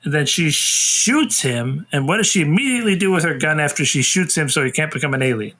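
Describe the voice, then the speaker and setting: A man co-hosting a comedy podcast, summarizing a movie's plot in a deadpan way with wry asides. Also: fairly high pitch, a little fast. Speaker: podcast co-host. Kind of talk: casual comedic movie recap.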